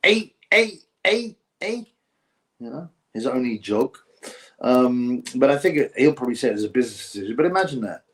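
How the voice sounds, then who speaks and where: A man's voice: medium pitch, fast talker, a little mellow. A man hosting a casual boxing live stream, reading viewer comments in a rambling, mocking way with bits of mimicry.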